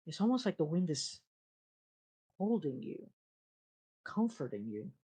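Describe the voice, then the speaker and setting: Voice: mid-range voice, big pitch swings, unhurried, warm tone, slightly rough. A game master narrating a tabletop scene in descriptive, improvised fashion, with frequent fillers and restarts.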